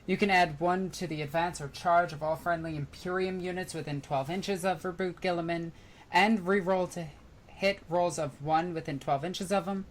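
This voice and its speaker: A woman's voice: on the low side, fairly even intonation, moderate pace, slight background noise. A woman with a New York accent, a podcast co-host in casual chat, blunt and swearing freely.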